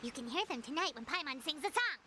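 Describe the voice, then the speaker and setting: Brief: a tiny chirpy game fairy, very high and bouncy, game music behind. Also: female voice, lively intonation, fast, very noisy. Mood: excited. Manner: high, bouncy, speaks of herself in third person. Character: tiny chirpy floating fairy companion, excitable.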